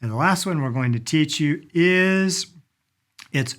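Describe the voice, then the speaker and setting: A middle-aged man giving a casual spoken language lesson, lively, acting out polite phrases as he goes. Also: fairly high pitch, a little slow. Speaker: language teacher.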